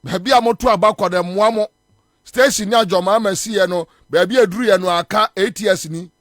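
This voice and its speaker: This high, fairly bright voice moves fast over a dry, studio-quality recording. It's a Ghanaian man on a morning radio show, scornfully and combatively attacking political matters and repeating phrases to hammer his points.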